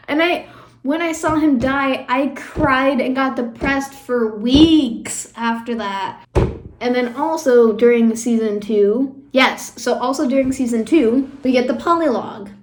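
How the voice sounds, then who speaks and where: A young woman casually talking over a show as a YouTuber, rambling and emotional, with many fillers. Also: high-pitched. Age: young adult. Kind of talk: casual fan commentary. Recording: echoey room.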